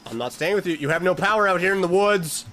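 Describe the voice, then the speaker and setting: A man's voice: sits high, fast talker, fairly bright tone, slight background noise. A man playing a horror video game and commenting as he goes, talking to the characters and yelping when startled. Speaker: let's-play host.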